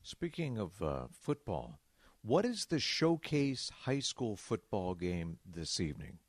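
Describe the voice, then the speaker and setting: A man's voice: lowish voice, sing-song, slow, dry recording. A man hosting a radio show, chatting casually and bantering with his guest. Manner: playful, bantering. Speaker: radio host.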